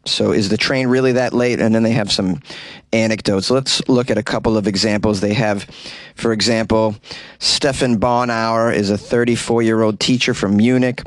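Recorded in a small closet, this comic news commentary comes from a man who has lived in New York City, reading articles aloud and riffing on them with sarcastic mockery. He has a lowish voice with fairly even intonation, normal speed, and no echo.

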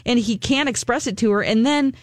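Woman on a podcast, chatty and animated, dry close sound. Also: on the high side, fairly quick, no echo. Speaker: podcast co-host. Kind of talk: casual chat.

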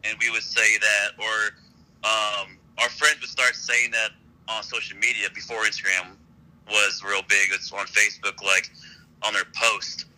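Man, very bright tense voice, rambling, laid-back storyteller, podcast guest. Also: fairly low pitch, level tone, unhurried, rough recording. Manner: laid-back, rambling, laughs while telling stories. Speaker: podcast guest, brand founder. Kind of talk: casual interview storytelling.

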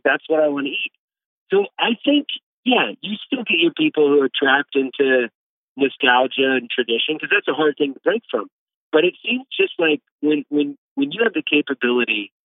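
A man's voice: mid-range voice, dry recording. A man who is a food editor and restaurateur, guesting on a podcast, telling loose stories full of "like" and acted quotes. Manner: loose storytelling, acts out quotes, says "like" a lot. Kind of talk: casual phone interview. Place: home in Texas. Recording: phone line.

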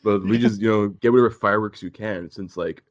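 A man co-hosting a casual podcast chat, profane and animated, quick to laugh. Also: on the low side, highs cut off. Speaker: podcast co-host.

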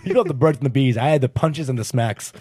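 A man's voice: mid-range voice, quick pace, a little mellow, breathy edge, no room sound. A man co-hosting a podcast in crude, laughing comedic banter. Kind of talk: casual comedic chat.

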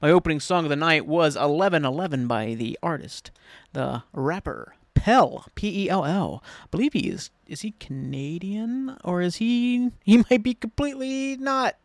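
An American man hosting his own solo podcast, rambling excitedly and swearing freely as he chats. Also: sits high, normal speed, no echo. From United States. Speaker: podcast host. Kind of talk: casual solo podcast chat.

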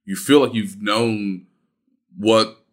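A man's voice: lowish voice, fairly even intonation, slow pace. A man co-hosting a casual sports talk show, reflective and hesitant with many fillers. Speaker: sports podcast co-host.

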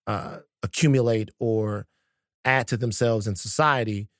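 A man's voice: on the low side, steady tone, measured pace, no room sound, clean studio sound. A man co-hosting a podcast in casual conversation, talking in a stop-start way with many fillers and restarts. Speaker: podcast co-host.

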